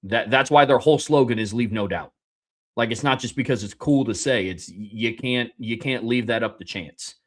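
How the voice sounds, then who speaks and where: A man's voice: medium pitch, normal speed. A man co-hosting a sports podcast who reads listener submissions and gives blunt takes. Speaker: co-host. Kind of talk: casual sports podcast chat.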